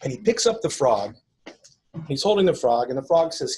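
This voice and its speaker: A man's voice: medium pitch, big pitch swings, normal speed, darkish tone, slight background noise, rough recording. A man speaking to a conference audience, coaching agents in a conversational way with anecdotes and frequent restarts. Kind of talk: live seminar talk with anecdotes. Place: conference room before an audience.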